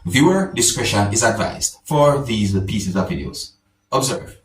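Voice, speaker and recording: A man's voice: lowish voice, animated, unhurried. A man giving formal news-style commentary on a vlog, repeatedly addressing his viewers and subscribers. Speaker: vlogger. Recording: roomy, distant mic.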